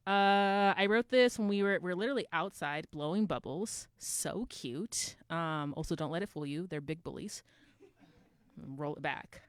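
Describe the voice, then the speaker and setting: A woman, a poet and co-director of the group, shares poems at a live open mic, bantering casually in a playful, self-deprecating way into a stage mic. Her voice is low-pitched, a little slow and clean, captured dry with studio quality.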